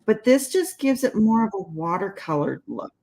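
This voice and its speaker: A woman's voice: medium pitch, very animated, normal speed, warm tone, low-quality recording. A woman giving a casual crafting tutorial, chatting as she works and laughing at her own slips. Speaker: card-making demonstrator.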